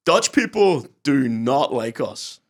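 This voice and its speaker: A man's voice: mid-range voice, sing-song, takes it slowly. A young man co-hosting a podcast, telling rambling, sweary stories and acting out what others said. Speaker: podcast co-host. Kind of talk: casual chat.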